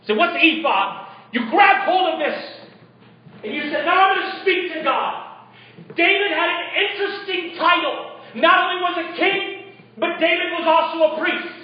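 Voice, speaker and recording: A man's voice: very high voice, normal speed. A male pastor preaching a sermon to his congregation, putting rhetorical questions to them. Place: church. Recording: echoey, dull lo-fi church recording.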